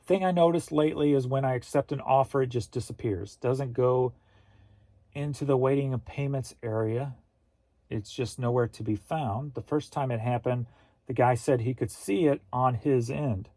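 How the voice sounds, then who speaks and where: A man's voice: mid-range voice, normal speed, warm tone, dry recording. A middle-aged man from Missouri hosting a casual livestream, rambling easily and reading viewer comments aloud. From Missouri, USA. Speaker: host.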